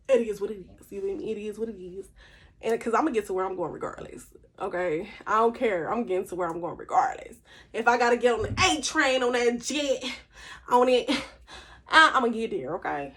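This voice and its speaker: A woman, talking candidly and emphatically to camera in a casual vlog monologue. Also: on the high side. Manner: candid, emphatic, conversational with slang. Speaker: vlogger.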